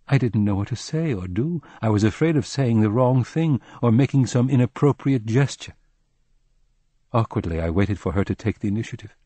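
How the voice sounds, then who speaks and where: A man narrating a literary audiobook in a measured, somber first-person reading. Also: fairly low pitch, warm tone, breathy edge, no echo.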